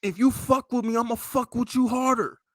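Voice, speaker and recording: A man's voice: very high voice, fairly even intonation, normal speed, no room sound, clean studio sound. A man with a New York accent, hosting a casual sports podcast and venting in a heated, profane, emphatic way. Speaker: podcast host.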